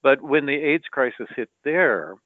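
A male journalist, a guest in a conversation, retelling anecdotes in a measured, storytelling way. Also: mid-range voice, lively intonation, dry recording. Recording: tinny phone-like line, dry.

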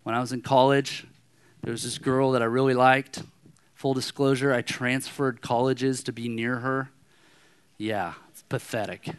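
A man's voice: mid-range voice, normal speed, smooth. A man in his thirties preaching a sermon as a pastor, telling personal stories in a conversational way and acting out anger. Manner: conversational storytelling, animated when acting out anger.

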